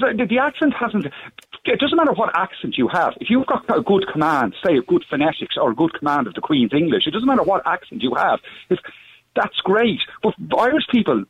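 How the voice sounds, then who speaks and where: A man originally from the Netherlands calling in to a radio show, blunt and opinionated, with a husky voice over a tinny phone line. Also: on the high side, slight background noise. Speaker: caller. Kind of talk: phone-in call.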